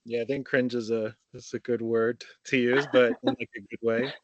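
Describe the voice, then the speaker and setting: A man's voice: medium pitch, flat delivery, normal speed, highs cut off. A man taking part in a workshop on a video call, chatty and good-humored. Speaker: workshop participant.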